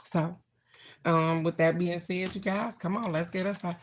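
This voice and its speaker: A woman's voice: fairly low pitch, steady tone, a little slow, heavy background noise. A middle-aged woman doing a casual live-stream card reading, chatting bluntly and fondly with her viewers. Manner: chatty, talks straight to viewers, blunt and affectionate. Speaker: oracle card reader.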